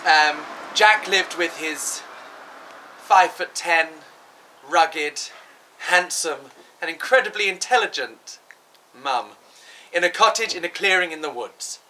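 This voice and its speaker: An English man narrates a comic fairy tale in a bright, clear voice, dry and mock-exasperated with his partner. A faint hiss sits under the recording. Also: a little high, slow pace, long pauses, poor audio. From England. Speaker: podcast co-host. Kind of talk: comic storytelling.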